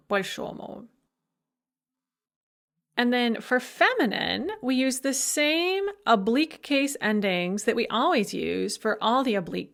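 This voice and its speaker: A woman's voice: mid-range voice, a bit bright. A middle-aged woman giving a recorded university language lecture, methodically listing word forms one after another.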